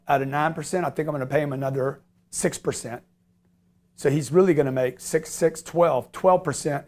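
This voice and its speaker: Brief: high-pitched male radio host, pushy and animated, selling hard. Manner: fast, animated sales pitch, acts out conversations. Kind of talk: call-in radio talk.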